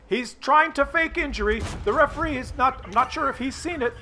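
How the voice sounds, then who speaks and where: High, bright-voiced man ranting. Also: a little fast, hardly any pauses, slight background noise. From Canada. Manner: profane, sarcastic, mock play-by-play. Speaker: gaming channel host. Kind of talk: ranting commentary over gameplay.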